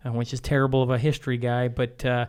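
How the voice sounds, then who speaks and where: A man's voice: medium pitch, monotone, quick pace, darkish tone, smooth. A man hosting a podcast, talking thoughtfully and hesitantly with many restarts. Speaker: podcast host. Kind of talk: casual chat.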